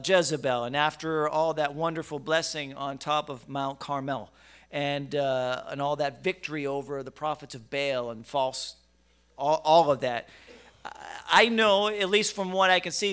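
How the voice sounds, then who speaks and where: A middle-aged man preaching in a high, bright, crisp voice. He talks to his congregation like a conversation, stumbling over repeated words, then pushing into emphatic bursts. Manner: stammering restarts, rising to emphatic bursts. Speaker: pastor. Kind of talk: conversational sermon.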